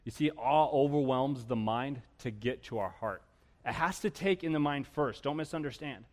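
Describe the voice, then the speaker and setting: A man preaching a sermon as pastor, animated and storytelling, with humor and rhetorical questions. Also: mid-range voice, moderate pace. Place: church sanctuary. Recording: long reverb of a church hall.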